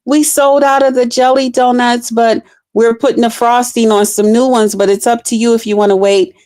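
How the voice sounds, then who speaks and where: Casting: a woman playing a flustered, sorry-sounding service-window clerk, raised pitch, dry recording. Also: fairly even intonation, normal speed, a little mellow, no room sound, close to an everyday voice. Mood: apologetic. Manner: hesitant, apologetic. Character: apologetic woman clerk at a drive-thru window.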